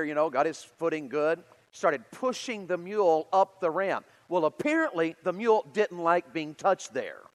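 A middle-aged man preaches with a notably high voice for a man, telling stories in an animated way. He moves between loud bursts and quiet, low passages. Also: low-quality recording. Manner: animated storytelling with big swings in loudness. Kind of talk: sermon.

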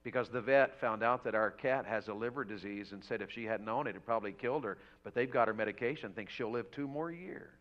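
A man preaching a revival sermon in a church, telling a homey story and building to loud, fervent exhortation. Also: on the low side, quick pace, few pauses. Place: church sanctuary. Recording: dull lo-fi church audio.

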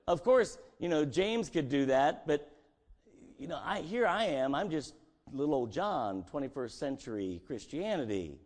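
A man's voice: fairly high pitch, sing-song, a little slow, a little mellow. A male pastor preaching a conversational sermon and acting out scripture dialogue, in a church sanctuary.

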